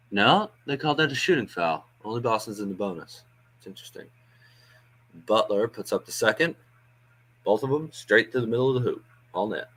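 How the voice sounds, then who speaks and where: A man's voice: lowish voice, a bit bright. A man hosting a fan watch-along stream, giving casual live play-by-play with chatty asides, frequent ums and uhs.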